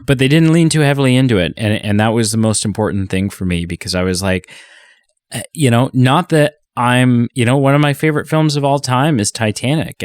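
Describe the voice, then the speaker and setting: Male podcast co-host, lowish voice, dry close sound; halting, filler-heavy review talk. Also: no room sound. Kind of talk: casual film review chat.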